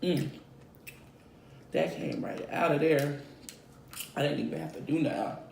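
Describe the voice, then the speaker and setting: A woman's voice: low-pitched, a little slow, vocal fry. A woman vlogger eating on camera, savoring each bite aloud with frequent hums and thanking her viewers. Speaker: mukbang vlogger. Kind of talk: mukbang eating talk. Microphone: close mic picking up eating sounds. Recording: echoey room, faint noise.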